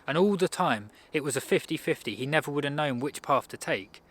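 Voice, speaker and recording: A man's voice: a little high, expressive, brisk, a bit bright. Man giving a rambling motivational talk. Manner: rambling, conversational, frequent restarts. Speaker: self-improvement speaker.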